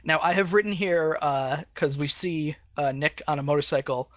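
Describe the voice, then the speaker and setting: A man's voice: a little high, normal speed, fairly bright tone, dry recording, studio quality. A man co-hosting a podcast, recapping a cartoon episode in a rambling, laid-back way with frequent fillers and laughs. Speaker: podcast co-host.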